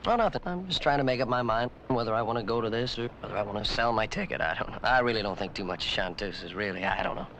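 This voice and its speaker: A sly, teasing young brother. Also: male voice, on the low side, fast, hardly any pauses, a bit bright, a little hiss or hum.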